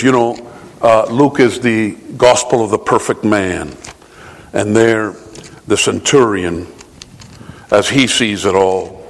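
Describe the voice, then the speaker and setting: Slow gravelly preacher in a hall. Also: male voice, on the low side. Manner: emphatic, rises to shouts on key points; rhetorical asides and scripture quoting. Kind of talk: sermon. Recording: long hall reverb.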